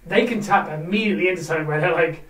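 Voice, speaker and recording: A man co-hosting a casual wrestling chat show, talking quickly and acting out quotes as he goes. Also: on the high side. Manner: animated, quick, acts out quotes. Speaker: podcast co-host. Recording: roomy live stream mic from a distance.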